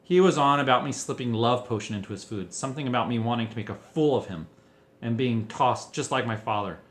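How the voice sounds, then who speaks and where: A man's voice: medium pitch, fairly quick, natural voice. A man voicing a firm, exasperated teenage boy who sounds weary.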